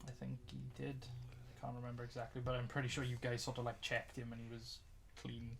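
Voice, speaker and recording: A man running a tabletop game as dungeon master, narrating in a loose, halting way. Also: medium pitch, little pitch movement, vocal fry.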